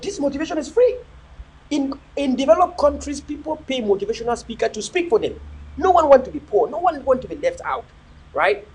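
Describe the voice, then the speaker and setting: On a low-quality recording, a man with a Cameroonian English accent and a high, slightly rough voice talks casually to livestream viewers. As a motivational speaker, he stresses points by repeating words and films himself outdoors on a phone.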